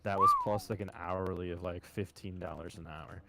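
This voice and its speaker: Low-pitched male podcast host, relaxed profane storyteller. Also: moderate pace, creaky, heavy background noise. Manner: swears a lot, storytelling, calls listeners boys. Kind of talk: casual chat.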